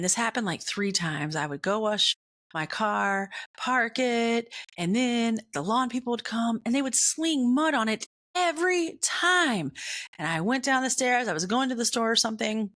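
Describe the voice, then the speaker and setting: A woman's voice: fairly high pitch, a bit bright. A woman hosting a faith-based comedy podcast, telling a self-deprecating personal story and laughing at herself. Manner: acts out other people's lines in quick put-on voices. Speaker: podcast host.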